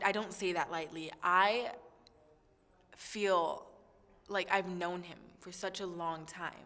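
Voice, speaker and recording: Bright-voiced young woman, chatty and excitable. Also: on the low side, long reverb tail. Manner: chatty and excitable, with many fillers. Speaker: singing contestant. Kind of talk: backstage interview.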